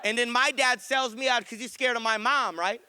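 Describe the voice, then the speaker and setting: A man's voice: very high voice, a little fast, noisy background. A man doing a stand-up comedy set, telling stories animatedly and acting out his parents. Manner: animated storytelling, acting out his mom and dad.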